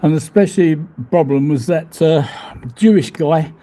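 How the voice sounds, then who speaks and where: A man's warm voice, a little high and at a normal speed, carries through a casual live stream. The vlogger reads viewer comments from his hotel room above the seafront, rambling, laughing frequently and swearing mildly.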